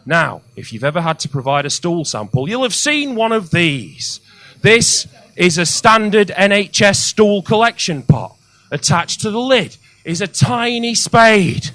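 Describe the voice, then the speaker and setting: A male comedian doing a crude stand-up set on a comedy club stage, with loud outbursts on the punchlines. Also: high voice, sing-song, unhurried.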